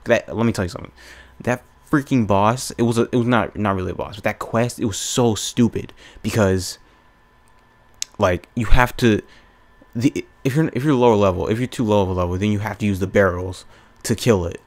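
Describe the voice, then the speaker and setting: A man's voice: on the low side, a little fast. A man giving casual let's-play commentary, exasperated and ranting to himself as he plays. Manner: casual slangy talk. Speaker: gaming channel host.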